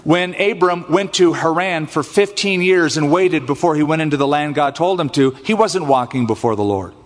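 Male pastor, higher voice, expressive sermon delivery, reverberant sanctuary sound. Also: moderate pace. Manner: expressive preaching that acts out scripture voices. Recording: long hall reverb.

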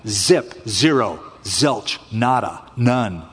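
A man preaching a sermon as pastor, expressive and acting out scripture voices. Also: fairly low pitch, extremely slow, breathy edge. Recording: long hall reverb.

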